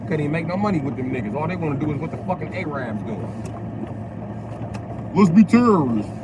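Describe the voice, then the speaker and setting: A man rants bluntly and crudely while he sits in a car. His voice sits fairly high. Steady vehicle noise runs underneath. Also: rapid-fire. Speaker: vlogger. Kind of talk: profane ranting monologue.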